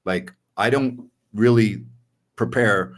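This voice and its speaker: A middle-aged man and sports radio host telling a story in casual podcast chat, animated and acting out voices. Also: lowish voice, takes it slowly.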